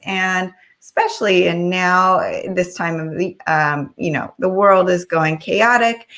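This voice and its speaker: A woman's voice: fairly low pitch, a bit bright. A woman hosting a casual interview over a video call who answers her guest with agreeing replies. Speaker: show host.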